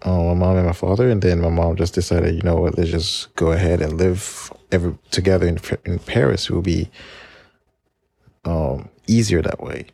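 A man in his late twenties from Maryland hosts his own podcast, telling stories in a loose, rambling way and correcting himself as he goes. His voice sits low, with a husky, gravelly edge. The recording is dry and close. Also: fairly even intonation, normal speed, dark tone, no echo. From Maryland, United States. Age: 20s. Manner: chatty, rambling, with self-corrections and laughs. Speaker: podcast host. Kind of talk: casual solo podcast storytelling.

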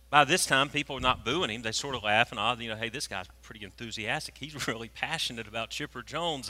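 A preacher, telling a story in a sermon and swinging from hushed tones to loud, animated moments. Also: male voice, mid-range voice. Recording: long reverb of a large hall.

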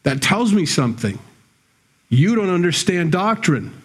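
A man's voice: sits high, big pitch swings, a little slow, slightly rough. A male pastor preaching a sermon in a church, talking plainly to the congregation and building to emphatic bursts. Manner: conversational preaching, rising to emphatic scolding bursts.

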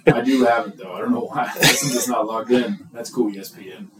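A man co-hosting a casual sports podcast, talking in an animated, rambling way and often restarting his sentences. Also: on the low side, a little fast, a crowd in the background. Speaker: podcast co-host.

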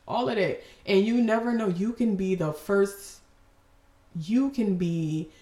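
A woman's voice: low voice, warm tone, reverberant. A woman hosting a podcast and giving an emotional devotional talk, fervent and preachy, breaking off with exclamations.

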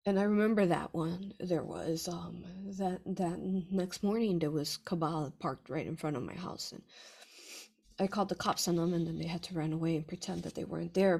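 A woman author chatting casually with her audience in a rambling, effusive way, swinging between excitement and hushed earnestness. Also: lowish voice, vocal fry, breathy edge. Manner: rambling and effusive, many fillers and restarts. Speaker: author answering reader questions. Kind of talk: casual livestream chat.

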